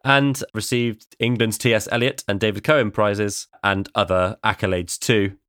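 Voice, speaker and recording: A man's voice: on the low side, fairly even intonation, normal speed, a bit bright, clean tone, no echo, studio quality. A man co-hosting a podcast, chatting wryly and explaining poetry at length. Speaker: podcast co-host. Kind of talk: casual chat about poetry.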